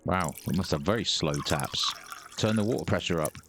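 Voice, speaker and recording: A man's voice: sits low, moderate pace, fairly bright tone, soft background music. A man recording let's play commentary on a headset mic, joking, swearing and mocking the game's characters. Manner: jokey, swears, mocks the characters. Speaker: gaming YouTuber.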